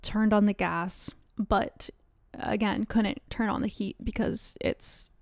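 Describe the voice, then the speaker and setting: A woman's voice: mid-range voice, fairly even intonation, slow, dry recording, clean studio sound. A young woman in her twenties hosting a podcast, telling a story in casual chat, laughing often, swearing and acting out quoted lines. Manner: laughs often, swears, many likes, dramatic quoted voices. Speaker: podcast host.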